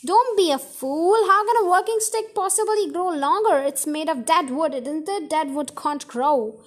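A woman's voice: very high-pitched, lively intonation, a little slow. A woman voicing an indignant, cranky old woman in a storybook reading, protesting with force.

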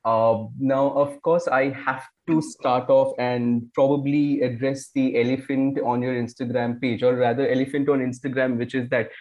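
A man's voice: mid-range voice, steady tone, normal speed, few pauses, darkish tone. A man with an Indian English accent hosting a podcast, chatty and joking as he interviews a guest. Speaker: podcast host. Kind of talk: casual interview chat.

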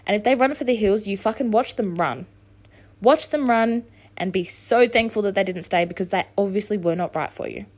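A woman with a mid-range voice talks fairly quickly on her own solo podcast. Hungover, she's frank and motivational, swearing freely in a casual monologue.

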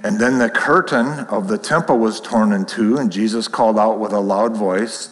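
A man giving a sermon, reading scripture aloud and explaining it in a measured, explanatory way. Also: fairly low pitch, big-room sound, rough recording. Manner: measured, explanatory, reads aloud then comments. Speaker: preacher.

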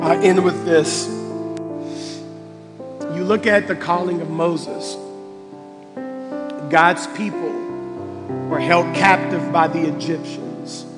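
A man preaching a passionate sermon as pastor in a church sanctuary, often rising to shouts. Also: a little high, fairly even intonation, slow, pauses often. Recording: reverberant church hall with faint music.

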